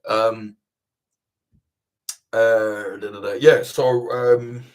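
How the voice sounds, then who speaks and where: This is a man with a lowish voice, hosting a casual livestream Q&A. He rambles through answers with animated energy and swears freely as he goes. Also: very slow. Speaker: host of livestream Q&A.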